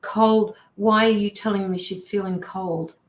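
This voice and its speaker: A woman giving a live-streamed tarot reading over a video call, relaying messages with many pauses and fillers. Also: mid-range voice, fairly even intonation, low-quality recording. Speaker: tarot card reader.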